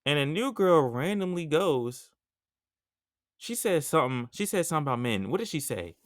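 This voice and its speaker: Casting note: young male podcaster, smooth clear voice, dry close sound, slangy and animated. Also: fairly high pitch, normal speed, no echo. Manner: animated, slangy storytelling with frequent asides. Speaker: podcast host. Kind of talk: casual podcast monologue.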